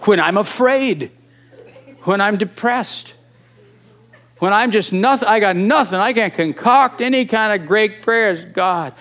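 A man in his sixties preaching a sermon, animated and emphatic, firing off rhetorical questions. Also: sits high, a little slow. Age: 60s.

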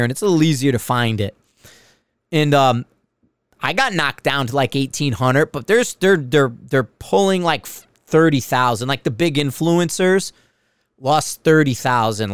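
A man's voice: on the high side, clear, resonant tone, no room sound, studio quality. A middle-aged man hosting a podcast, talking in a rambling, profane, stop-start casual monologue. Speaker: podcast host.

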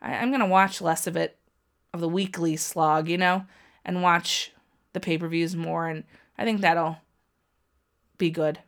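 A chatty woman watches a wrestling match along with her audience. She talks at an unhurried pace and addresses viewers directly. She gasps and yelps whenever the action heats up. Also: lowish voice. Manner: excitable, gasps and cries out at the action. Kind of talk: casual live reaction commentary.

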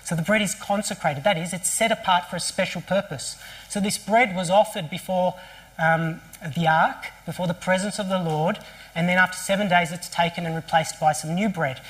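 A pastor preaching at a church service, with a voice of middling pitch. The delivery is animated storytelling, full of rhetorical questions and quick restarts. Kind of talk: sermon.

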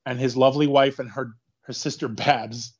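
A man co-hosting a casual chat about a movie, retelling scenes in a rambling, animated way with quick quoted asides. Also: mid-range voice, husky. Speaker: podcast co-host. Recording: dull lo-fi sound.

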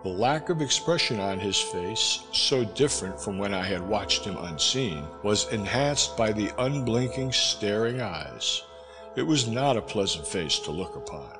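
A man narrating an audiobook in a measured, expressive reading. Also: fairly low pitch. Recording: reverberant with background music.

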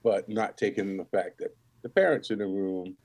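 A man's voice: deep voice, normal speed, a little mellow. Blunt, swearing man in casual talk. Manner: blunt, swears, drops into quoted voices. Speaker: paramedic. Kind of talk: casual chat.

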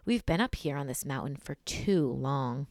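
A woman's voice: extremely low pitch, animated, moderate pace, darkish tone, no echo, clean studio sound. Woman reading as cautious herder Alfred. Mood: wary. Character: wary cattle herder Alfred, man.

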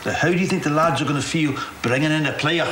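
An actor playing a blunt, businesslike older football club boss, heard as a film clip. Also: male voice, on the high side, fast talker, fairly bright tone, natural voice. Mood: stern. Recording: roomy film clip with faint noise.

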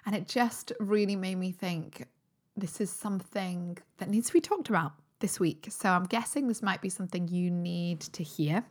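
Slightly croaky British woman podcasting. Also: lowish voice, normal speed. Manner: chatty and upbeat, with frequent fillers and restarts. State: slightly croaky voice recovering from a cold. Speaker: holistic nutritionist podcast host. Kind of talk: casual solo podcast talk.

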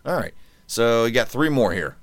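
A man hosting a podcast in casual, joking chat, animated and quick to ham up lines. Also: mid-range voice, no room sound. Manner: animated, joking, reads quotes in mock-dramatic tones. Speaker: podcast host.

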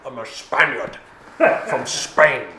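A man's voice: mid-range voice, expressive, takes it slowly. A man doing a pompous immortal Spaniard. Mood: mock-grand. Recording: echoey room with chatter behind.

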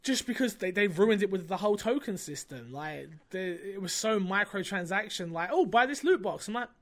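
A man's voice: sits high, normal speed. A man hosting a podcast in casual chat, telling stories with lots of fillers. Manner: animated storytelling, lots of fillers. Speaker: podcast host.

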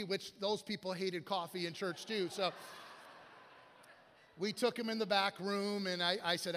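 High-voiced male preacher in a reverberant hall. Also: brisk, a bit bright, a little hiss or hum. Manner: storytelling with acted-out quotes and asides. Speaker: guest pastor. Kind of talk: sermon. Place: church sanctuary. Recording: long church hall reverb.

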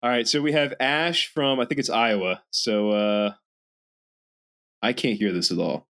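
A man's voice: medium pitch, a little slow. Profane, rambling podcast co-host man. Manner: profane, rambling, animated impressions. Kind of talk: casual chat.

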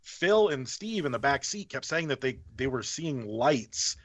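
A man's voice: mid-range voice, measured pace, dry recording. A man, a podcast guest, telling a story in casual chat, swearing freely and acting out what other people said. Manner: animated, profane, acts out other people's lines. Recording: slightly muffled podcast audio.

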